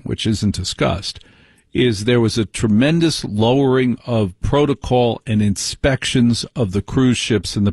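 A man's voice: mid-range voice, a little mellow, breathy edge, no room sound, studio quality. A man hosting a talk show, delivering an opinionated monologue in a ranting, conversational way full of rhetorical questions.

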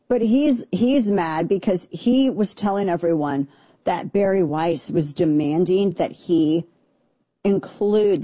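Sarcastic, husky-voiced woman commentator. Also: fairly low pitch, dark tone, no echo. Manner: opinionated, sarcastic. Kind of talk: casual opinion commentary.

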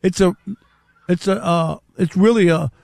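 An older man talks sports in a loose, rambling way, stumbling over the starts of his sentences. His voice sits high for a man. The sound is dry and close, with no room around it. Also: measured pace, creaky, darkish tone, no echo. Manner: rambling, repeats words when starting sentences. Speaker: sports radio host. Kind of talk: casual sports talk.

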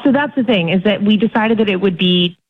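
A woman's voice: medium pitch, brisk, breathy edge. A young woman calls in over a thin, tinny phone line. She sounds chatty and upbeat and laughs easily as she talks. Her voice sits in the middle of the range. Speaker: caller. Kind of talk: phone-in chat.

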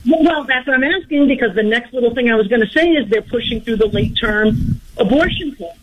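A man's voice: extremely high pitch, fairly quick, a bit bright, a little hiss or hum. A man calling in to talk radio over the phone, asking earnest questions. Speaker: caller. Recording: muffled phone line.

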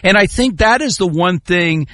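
Animated man talking sports, dry studio. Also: high-pitched, moderate pace, no room sound. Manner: animated, jokey, swings to loud exclamations. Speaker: radio host. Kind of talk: casual sports talk.

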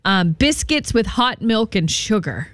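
A woman's voice: mid-range voice, sing-song, no room sound. Woman podcast cohost, chatty, lots of likes and ums, mid voice, dry close mic. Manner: chatty, leads the list, drawn-out filler words. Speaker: podcast co-host. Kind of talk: casual chat.

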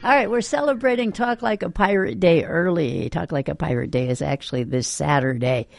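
A man's voice: on the high side, a little fast, gravelly, soft background music. A male radio host chatting casually between songs and laughing along with callers' jokes. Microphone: studio mic.

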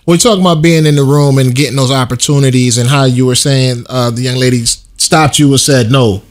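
Man, radio co-host, fast talker, probing questions, conversational. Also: medium pitch, steady tone.

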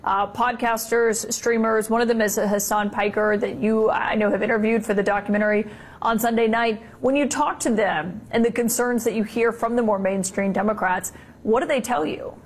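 A woman with a slightly higher voice anchors a TV news segment. She asks long, probing questions in a fluent, steady way. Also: moderate pace.

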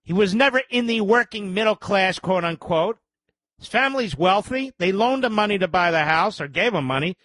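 Sarcastic high-voiced talk radio man. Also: lively intonation, moderate pace, fairly bright tone, dry recording, studio quality. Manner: sarcastic, mocking, incredulous questions. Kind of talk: ranting talk radio monologue.

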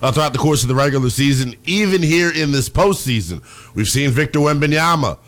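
A man hosting a sports talk show, chatting in an animated, excitable way about the playoffs. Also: a little high, a little fast.

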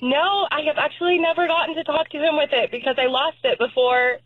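A woman's voice: high voice, steady tone, brisk, no room sound. A woman from Texas with a Texan accent, calling in to a radio show and chatting in a bubbly way, laughing easily. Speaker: caller. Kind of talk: radio call-in chat. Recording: tinny phone line.

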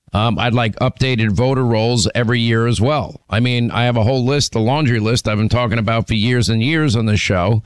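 A male talk radio host speaking from the studio in a smooth, clear voice with a dry, close sound. He is firm and opinionated, stumbling over restarts as he lays out his views. His pitch sits mid-range. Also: dry recording.

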